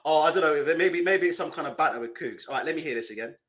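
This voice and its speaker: A man with a fairly high, bright voice reacts to clips on a live stream. His pitch swings a great deal as he mocks what he sees, asks rhetorical questions and breaks into laughter. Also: animated, rapid-fire.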